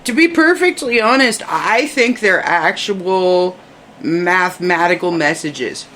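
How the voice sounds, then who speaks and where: A podcast co-host in loose, animated talk, swearing casually and trailing off mid-thought. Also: mid-range voice, takes it slowly, slight background noise.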